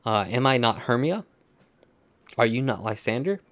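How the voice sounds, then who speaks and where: A man's voice: medium pitch, animated, normal speed, fairly bright tone, dry recording, close to an everyday voice. A man reading the lines of a distraught young woman in love, with stumbles and laughs. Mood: pleading.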